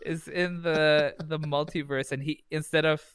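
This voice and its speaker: A podcast co-host who stammers and repeats words in casual chat, laughing often. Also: male voice, a little high, flat delivery, normal speed, fairly bright tone, clean tone, no echo, studio quality.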